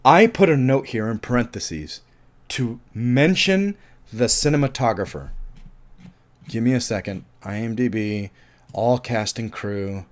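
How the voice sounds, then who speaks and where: Frank, profane male film reviewer with a mid-range voice, who rambles and repeats himself when frustrated. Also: medium pitch. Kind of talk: casual spoken film review.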